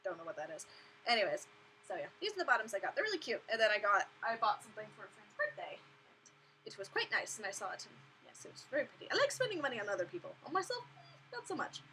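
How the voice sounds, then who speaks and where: A woman's voice: mid-range voice, huge pitch swings, very fast, bright, forceful tone, a little hiss or hum, low-quality recording. A young woman hosting a casual live stream from her bedroom, chatty and giggly, talking through her webcam mic. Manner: chatty, giggly, acts out voices of others in quotes.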